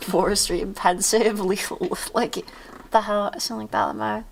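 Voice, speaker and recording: A woman's voice: mid-range voice, steady tone, moderate pace, creaky. A woman streamer with a cold, sounding stuffy and congested, chatting in a rambling, playful way and swearing freely. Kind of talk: casual chat.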